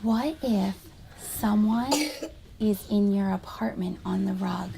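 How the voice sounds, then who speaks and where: A woman teacher leading young children in a classroom, animated and full of praise. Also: medium pitch, slow, creaky, background noise.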